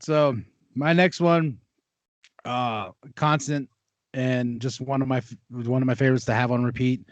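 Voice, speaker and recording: A podcast co-host tells animated stories in a casual chat, laughing often. His voice is medium-pitched, and the recording sounds dull, dry and lo-fi.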